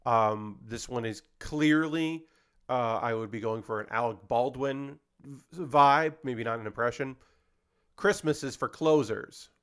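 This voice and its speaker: Male comedian host, mid-pitched voice, loose and rambling, pokes fun at himself. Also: measured pace, a bit bright, clear, resonant tone. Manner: rambling, self-deprecating, chatty. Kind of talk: casual chat.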